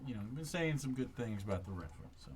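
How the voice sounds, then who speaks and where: A man's voice: medium pitch, animated, fast talker, slight background noise, natural voice. A man voicing a blunt, folksy country woman in her late thirties who talks in a chatty, homespun drawl. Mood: polite.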